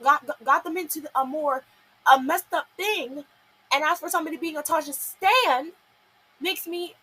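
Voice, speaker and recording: Bright-voiced young woman ranting in a review. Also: high-pitched, rough recording. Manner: exasperated, apologetic, repeats herself. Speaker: cartoon episode reviewer. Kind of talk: ranting solo review vlog.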